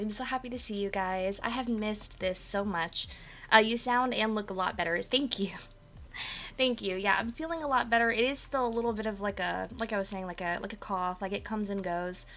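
Talking a little fast in a medium-pitched, somewhat bright voice, a woman streams from home using a desk mic. She's just woken up, so she sounds a bit dry and coughy, but she stays chatty and bubbly, greeting live viewers by name in casual conversation.

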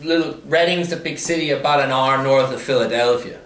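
A man's voice: mid-range voice, a little fast, a bit bright. A man with a Pennsylvania Dutch English accent, a teacher, answering questions and reading words in a plainspoken, dry way. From Berks County, Pennsylvania. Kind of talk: casual interview, reading word list. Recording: echoey room, far from mic.

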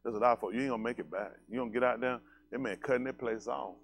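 Brief: man pastor, loose joking sermon voice, chats with the crowd, mid-range pitch. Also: very fast, creaky, slight background noise. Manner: loose, joking, talks straight to the congregation. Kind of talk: casual sermon talk.

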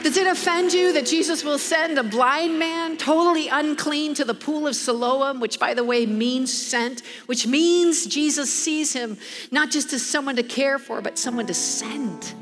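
Animated high-voiced woman preaching. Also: measured pace, music in the background. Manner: animated, emphatic, laughs often while preaching. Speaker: guest preacher. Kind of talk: sermon.

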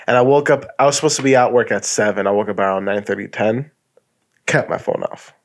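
A man's voice: lowish voice, fast talker. A young man co-hosting a casual podcast, swearing freely and acting out quotes as he tells stories. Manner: profane, animated storytelling with acted-out quotes. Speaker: podcast co-host. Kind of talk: casual chat.

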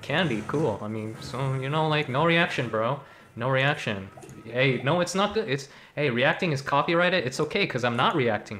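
A man's voice: medium pitch, sharp tone, a little hiss or hum. A young man streaming a mobile game, joking and rambling with lots of fillers and slang. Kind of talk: casual gacha stream commentary.

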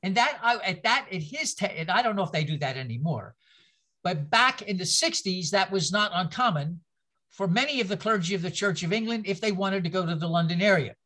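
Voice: mid-range voice, animated, fairly quick, pushed and bright. A teacher leading a church history class, speaking in an informal, rambling lecture full of anecdotes, restarts and asides to the group.

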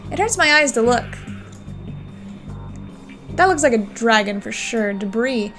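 A woman's voice: fairly high pitch, expressive, a little slow, a bit bright, soft background music. A woman playing a game and reading its text aloud in casual, playful commentary with giggly asides. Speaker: let's player.

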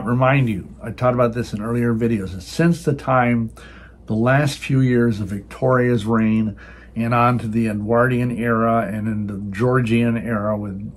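Husky older man preaching. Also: medium pitch, a little mellow. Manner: emphatic, repeats words when restarting. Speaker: Christian video host. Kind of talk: preaching commentary.

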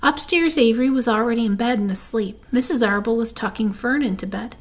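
Female storybook reader, slightly high voice, steady delivery. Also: brisk. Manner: steady, with small restarts. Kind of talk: reading a children's book aloud.

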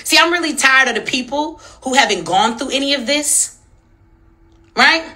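A young woman launches into a heated commentary rant, her bright, tense voice swinging widely in pitch. She hammers home her points with profanity and pointed rhetorical questions, fierce and emphatic throughout. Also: animated, normal speed. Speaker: social media commentator.

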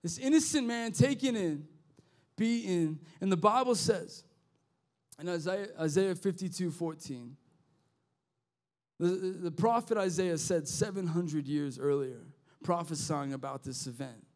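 A man preaching a youth sermon, impassioned and conversational, with slang and restarts, swinging from quiet to shouting. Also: sits high, unhurried. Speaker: youth pastor. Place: youth service hall.

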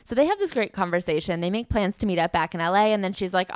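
A woman's voice: medium pitch, animated, fast talker, clear, resonant tone, no room sound. A young woman co-hosting a comedy podcast, recapping a memoir with dry, sarcastic storytelling. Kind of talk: casual comedic book-club chat.

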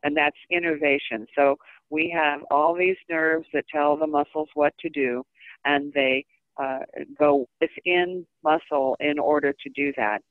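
A woman co-teaching a massage-therapy webinar, defining terms slowly and carefully with fillers, heard over a video call. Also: low-pitched, steady tone, no echo. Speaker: massage instructor co-hosting a webinar. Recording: tinny phone-like line.

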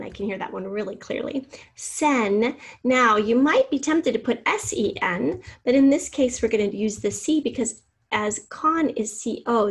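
Husky woman teaching a spelling lesson. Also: fairly high pitch. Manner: clear, patient, sounding out syllables and letters.

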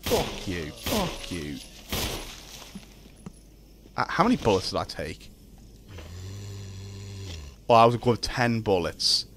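Lively young Irish man streaming a game. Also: fairly low pitch, slow pace, pauses often, background noise. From Ireland. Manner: casual, reads chat aloud, yelps when startled. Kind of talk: live gameplay stream chat.

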